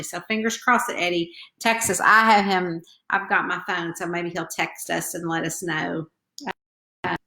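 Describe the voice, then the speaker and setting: Fairly low and gravelly, yet pushed and bright, is how this woman sounds. She's a middle-aged author with a Southern hillbilly twang, nervously chatting with live stream viewers from home and greeting them by name; the recording echoes.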